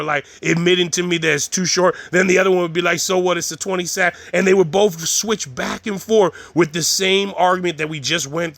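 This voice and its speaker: A man's voice: high voice, gravelly, a bit bright, no room sound. A man telling a rambling, profane story in casual vlog style, full of street slang. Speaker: vlogger.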